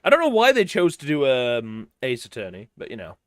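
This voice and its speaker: A man's voice: medium pitch, huge pitch swings, brisk, dry recording, clean studio sound. A man streaming a video game, chatting casually and rambling with trailing sentences and swearing. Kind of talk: casual let's-play chat. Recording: game music behind.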